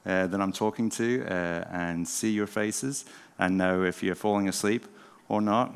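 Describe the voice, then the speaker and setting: English man with a soft southern drawl. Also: deep voice, a little slow, gravelly, smooth. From England. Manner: relaxed, self-deprecating, soothing. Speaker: pastor and speaker. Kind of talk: informal talk to a live audience. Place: church event hall. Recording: long hall reverb.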